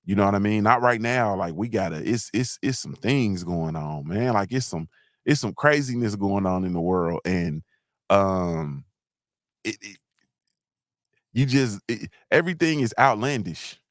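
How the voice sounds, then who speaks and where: A man's voice: deep voice, lively intonation, measured pace, no room sound, clean studio sound. A middle-aged man hosting a casual livestream, talking bluntly in a grumbling, repetitive way and answering his chat. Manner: blunt, grumbling, repeats himself, talks to chat. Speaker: livestream host.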